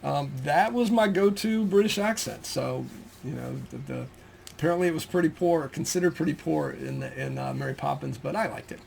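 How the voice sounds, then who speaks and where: A creaky, slightly mellow, higher-pitched voice at a moderate pace: a middle-aged man from the US casually presents his comic collection, rambling with frequent ums and restarts. A little hiss or hum sits in the background.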